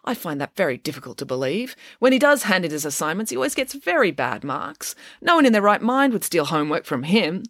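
Give me a woman playing a scornful, blustering male schoolteacher who snaps and shouts, with a lively voice. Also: fairly low pitch, a little fast, few pauses, no room sound, studio quality. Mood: dismissive. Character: shouting pompous male science teacher.

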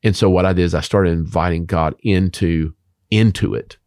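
Low-voiced man preaching emphatically. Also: steady tone, moderate pace, a little mellow, no room sound, clean studio sound. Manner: emphatic, preacher-like, rhetorical questions. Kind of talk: preachy faith talk.

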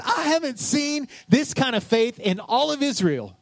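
A pastor with an extremely high, gravelly voice preaches unhurriedly and very animatedly. He chats and jokes with the congregation, puts questions to them, and acts out scripture scenes in voices. There's no room sound.

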